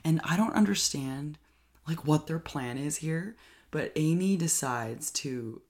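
A person recapping a film's plot in casual, excited chat, full of "like" and quick acted-out lines from the characters. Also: mid-range voice. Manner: chatty, filler-heavy with frequent "like", enthusiastic. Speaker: movie reviewer.

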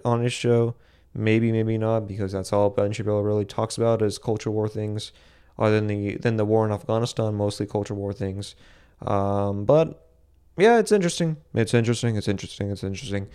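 A man's voice: lowish voice, little pitch movement, normal speed, dark tone, clean tone. A young man from Boston hosting a solo commentary podcast, rambling with frequent restarts and self-corrections. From Boston, USA. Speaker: podcast host.

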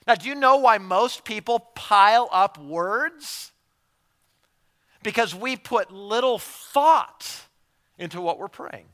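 Animated bright-voiced male preacher. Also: sits high, slow pace. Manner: animated, conversational preaching with many repeated words and acted-out asides. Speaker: pastor. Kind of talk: sermon.

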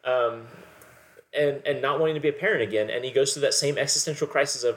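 Quick and mid-pitched, with a fairly bright tone, this male podcast co-host rambles casually through his film analysis. He leans on the word "like" constantly.

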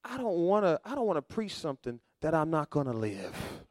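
Middle-aged male pastor, preaching sermon, fairly high voice, dry close sound. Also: sing-song, fairly quick, few pauses, no room sound. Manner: call-and-response preaching, building to loud emphatic peaks.

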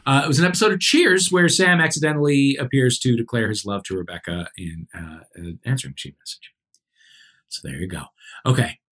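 A man's voice: mid-range voice, expressive, brisk, a bit bright. A man hosting a quiz game in a casual comedy podcast chat, joking as he goes. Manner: playful, joking quizmaster. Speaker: quiz host.

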